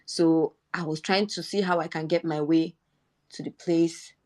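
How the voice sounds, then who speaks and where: Speaking in a live Twitter Space audio chat, a young woman with a Nigerian accent shares a personal story in earnest, growing indignant as she quotes her own words. She sounds low-pitched and somewhat dark in tone, with fairly even intonation and an unhurried delivery.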